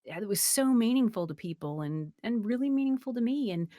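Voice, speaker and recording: A woman guesting as a voice actor in a casual interview, talking in an expressive, playful way. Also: on the high side, fairly quick, no echo, clean studio sound.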